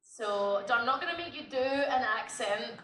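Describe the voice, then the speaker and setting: A British woman moderating a convention panel, upbeat and quick to laugh. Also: a little high, animated, bright, forceful tone, recorded from a distance, a little hiss or hum. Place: large convention hall. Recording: echoey hall recorded from the audience.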